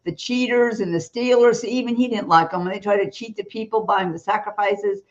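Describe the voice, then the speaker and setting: A woman guest on a Christian talk show speaks bluntly and emphatically about prayer and sin in a preaching style, laughing between her points. Her voice is medium-pitched and fairly quick, and the audio sounds dull.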